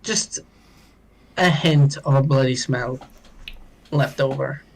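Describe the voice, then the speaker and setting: A man narrating as dungeon master in a tabletop game, pausing often with ums and uhs. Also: medium pitch, creaky, a little hiss or hum, poor audio. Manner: unhurried, halting, with many ums.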